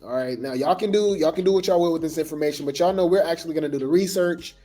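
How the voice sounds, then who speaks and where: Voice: mid-range voice, fast, warm tone. A gossip news host talking loosely in slang, full of fillers and restarts. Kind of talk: casual gossip commentary.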